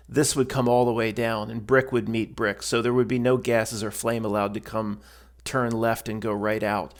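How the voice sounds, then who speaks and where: Blunt, rambling man talking stoves. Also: mid-range voice. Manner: blunt, rambling, with many restarts and fillers. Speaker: stove builder commenting on a video. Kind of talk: casual voice-over commentary.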